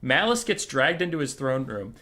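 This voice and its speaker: Bright-voiced, profane streamer man. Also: mid-range voice, moderate pace. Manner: profane and rambling, animated retelling. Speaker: streamer and tournament host. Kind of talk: casual livestream chat.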